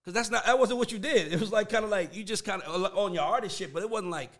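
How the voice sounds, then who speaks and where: A man in casual conversation, animated and profane, breaking into laughs as he talks. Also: sits high, fast talker.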